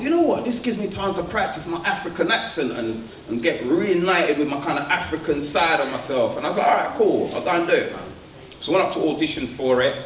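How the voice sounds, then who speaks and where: A man telling a stand-up story, animated and slangy, laughing at his own jokes. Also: mid-range voice. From London. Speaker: stand-up comedian. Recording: echoey room, distant mic, faint noise.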